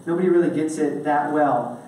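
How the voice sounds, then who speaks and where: A preacher talks through a sermon in a loose, everyday way, pausing to check in with "okay?". The voice sits some way from the mic in a very echoey hall. A faint hiss runs underneath. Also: mid-range voice, mellow, distant mic. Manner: casual, checks in with the listeners by asking "okay?". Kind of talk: conversational sermon.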